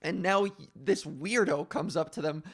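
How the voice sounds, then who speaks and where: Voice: medium pitch, breathy edge. A young adult podcast host and comedian telling a story in casual chat, swearing freely and rambling. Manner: profane, rambling, drops into quick put-on voices.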